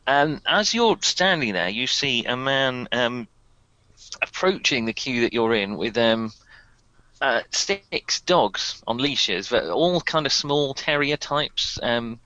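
A man, running a tabletop game as game master and narrating in a halting way full of ums and restarts. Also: mid-range voice, animated, pushed and bright, no echo, dull audio.

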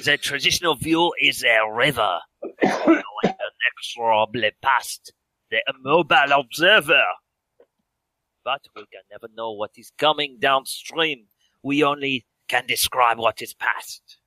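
A man's voice: mid-range voice, measured pace, bright, forceful tone, dry recording, poor audio. A man voicing an old, balding, stooped male professor who lectures theatrically in a mock foreign accent. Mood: lecturing.

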